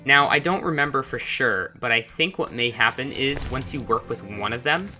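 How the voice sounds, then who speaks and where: A man's voice: medium pitch, normal speed, bright, forceful tone, faint music behind. A man giving casual, chatty commentary while playing a video game, with musing asides. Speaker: gameplay commentator. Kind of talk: casual let's-play commentary.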